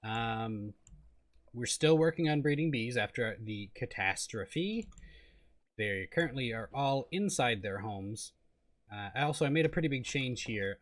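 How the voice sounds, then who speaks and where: A man's voice: fairly low pitch, a bit bright, no room sound. A man giving casual gameplay commentary, rambling and self-deprecating, often trailing off mid-sentence. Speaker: gaming video creator.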